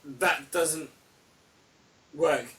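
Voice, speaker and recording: Male co-host, wry and chatty, bright edgy tone, distant mic. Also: fairly high pitch, very slow. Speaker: podcast co-host. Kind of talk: casual podcast chat.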